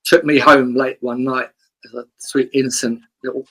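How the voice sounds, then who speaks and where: A man's voice: mid-range voice, little pitch movement, moderate pace, fairly bright tone, husky. A man hosting a podcast, asking rambling questions and telling his own anecdotes in casual chat. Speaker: podcast host.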